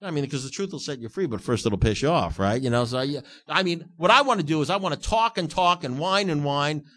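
A man's voice: a little high, animated, brisk, fairly bright tone. A man telling stories to a recovery group in an emphatic, repetitive, self-mocking way. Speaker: recovery meeting speaker. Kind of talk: storytelling talk to a group.

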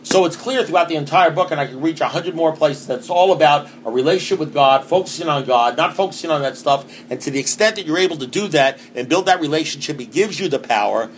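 A man's voice: a little high, fast talker, few pauses, a little hiss or hum. A man giving an earnest recovery talk, reading passages from a book and repeating points for emphasis, now and then rising to emphatic bursts. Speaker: recovery meeting speaker.

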